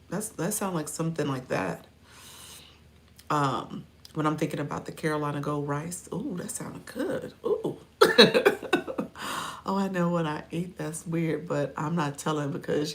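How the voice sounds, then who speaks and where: A middle-aged woman hosting a livestream, chatting playfully with viewers and laughing often between remarks. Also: deep voice. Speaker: livestream host and coach. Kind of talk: casual livestream chat, reacting to viewer comments.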